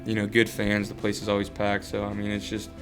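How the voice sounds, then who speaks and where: A man's voice: fairly low pitch, completely flat delivery, fairly quick, over music. A young man in his twenties, talking earnestly in a casual interview as a baseball player, full of fillers and restarts.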